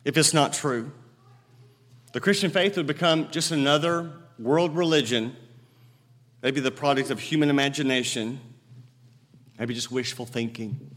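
A man preaching a sermon from the pulpit, emphatic, moving between loud declarations and quiet storytelling. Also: mid-range voice, measured pace, long pauses. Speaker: pastor. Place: church sanctuary. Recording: long hall reverb.

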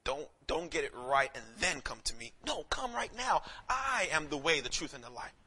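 High, bright, animated preaching man. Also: moderate pace, slightly rough. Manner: animated, swings from shouting to hushed; casual street talk, calls listeners man. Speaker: pastor. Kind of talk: sermon.

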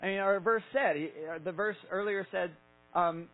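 A man's voice: high-pitched, fairly quick, bright, forceful tone, poor audio. A man in his thirties preaching a sermon, casual and conversational, acting out Bible stories with filler words. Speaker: pastor.

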